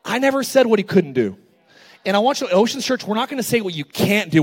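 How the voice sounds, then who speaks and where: A man with a notably high voice preaches with lively storytelling energy. He slips into casual asides, then rises to loud, emphatic calls to his congregation. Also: fast, breathy edge. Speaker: pastor. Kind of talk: sermon.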